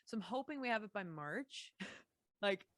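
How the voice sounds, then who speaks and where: A woman's voice: mid-range voice, animated, moderate pace, fairly bright tone, dry recording. A young Canadian woman from Saskatchewan, a musician guest chatting casually on a podcast with lots of fillers and restarts.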